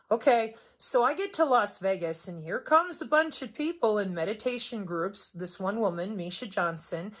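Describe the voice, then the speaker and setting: Middle-aged woman from the Midwest, solo vlog monologue, sarcastic and emphatic, swears freely, lots of swings in pitch and volume. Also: animated, normal speed, hardly any pauses. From Wisconsin, US Midwest. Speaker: vlogger.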